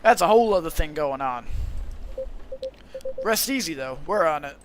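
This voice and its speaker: A man's voice: on the high side, expressive, normal speed, a little hiss or hum, close to an everyday voice. A man voicing a tired, plain-spoken middle-aged male police officer who is a father. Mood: weary.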